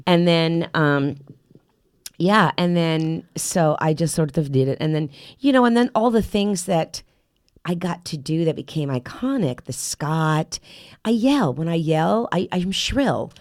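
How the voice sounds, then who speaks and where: A middle-aged woman, a character actress, talking casually as a podcast guest, chatty and halting with many restarts. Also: sits low, lively intonation, a little mellow, no room sound, studio quality.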